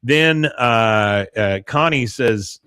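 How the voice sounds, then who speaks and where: A man's voice: medium pitch, smooth, no echo. A man co-hosting a podcast, recapping a television episode in casual chat with many fillers and acted-out quotes. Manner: halting, many fillers, animated when quoting.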